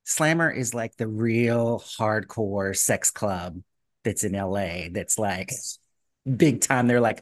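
A man's voice: medium pitch, moderate pace, no room sound, studio quality. A man casually telling a story on a podcast, acting out the voices of the people he quotes. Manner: animated, acts out quoted voices. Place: residence in a gated community.

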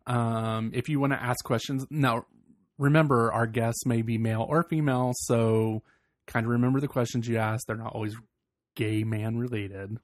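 A man's voice: fairly even intonation, moderate pace, no room sound. Gossipy man co-hosting a podcast, dry sound. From Virginia. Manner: giggly and gossipy, slips into high mocking voices. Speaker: podcast co-host. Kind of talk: casual podcast chat.

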